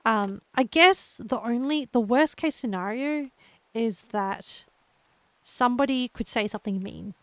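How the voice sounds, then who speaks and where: A young woman with an Australian accent, chatting gently and encouragingly with her live viewers as a streamer, laughing often. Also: fairly high pitch, measured pace, dry recording. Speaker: livestreamer. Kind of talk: casual chat with live viewers.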